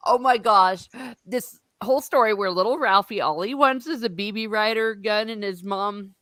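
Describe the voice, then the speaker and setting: A middle-aged woman hosts a podcast in an unhurried, mid-range voice, recorded cleanly in a studio with no echo. Chatting casually, she retells movie scenes animatedly, laughing a lot and acting out the lines.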